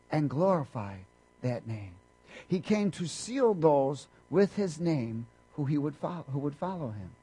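Husky-voiced preacher quizzing his congregation. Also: fairly high pitch, rough recording. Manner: emphatic, swings between loud and hushed. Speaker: pastor. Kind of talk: sermon.

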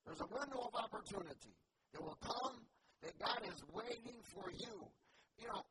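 Animated high-voiced preacher. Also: male voice. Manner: animated storytelling, acts out scenes; calls on the congregation to respond. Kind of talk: sermon. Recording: loud background noise.

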